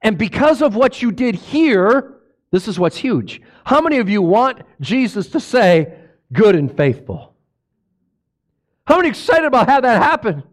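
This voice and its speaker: A man preaching a sermon, asking the congregation questions and swinging between hushed low lines and loud exclamations. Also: very animated, a little slow, pauses often. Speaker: pastor.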